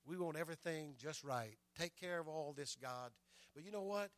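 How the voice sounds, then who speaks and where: A man's voice: a little high, expressive, moderate pace, no echo. Older male pastor, storytelling sermon, repeats himself, amen-heavy, dry and close. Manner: storytelling preacher, repeats words and adds "amen" often.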